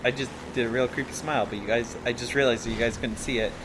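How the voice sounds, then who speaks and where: A man's voice: medium pitch, steady tone, quick pace, background noise. A man hosting a let's play, giving rambling, playful gameplay commentary and joking at his own expense. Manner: rambling, playful, jokes at himself. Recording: game sounds under the voice.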